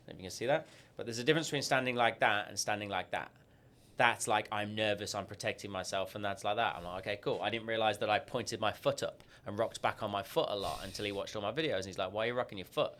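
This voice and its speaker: An Australian man as a podcast guest, telling stories and acting out quoted dialogue with lively jumps in pitch. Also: fast talker. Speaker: guest, sales coach. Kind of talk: podcast interview storytelling.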